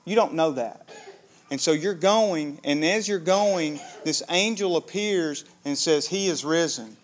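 A man preaches a sermon, his voice sitting noticeably high for a man. He tells the story with animation, slipping into the characters' voices as he goes. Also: unhurried. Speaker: pastor.

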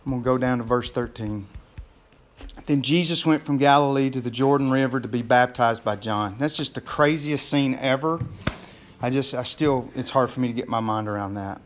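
Speaking at a normal speed in a mid-range voice, a man preaches in a chatty style, calling the congregation "gang." He gets loud and worked up as he acts out scenes.

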